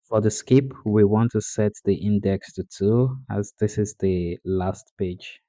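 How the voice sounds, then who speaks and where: A man's voice: lowish voice, fairly even intonation, a little slow, dark tone, no echo, lo-fi sound. A man narrating a coding tutorial over a screen recording, explaining steps plainly with frequent "uh" fillers.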